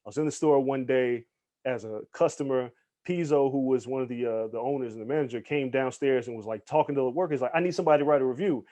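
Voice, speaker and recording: A man guesting on a podcast interview, telling stories in an animated, casual way, acting out the people he quotes and swearing freely. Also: mid-range voice, quick pace. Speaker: guest, hip hop journalist.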